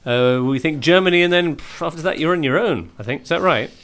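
A man's voice: on the high side, brisk, a little hiss or hum. A man hosting a football podcast in a jokey, casual way. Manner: jokey, lively presenting. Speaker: podcast host. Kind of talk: casual chat.

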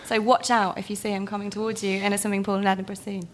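A woman's voice: mid-range voice, level tone, fast, noisy background. A woman journalist guest on a stage chat, talking casually with many hesitations. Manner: chatty, hesitant with many ums. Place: theatre stage.

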